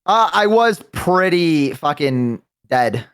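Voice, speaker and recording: Rambling, animated male streamer. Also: fairly high pitch, takes it slowly, background noise. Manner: rambling and talkative, restarts a lot. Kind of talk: casual chat on a live stream.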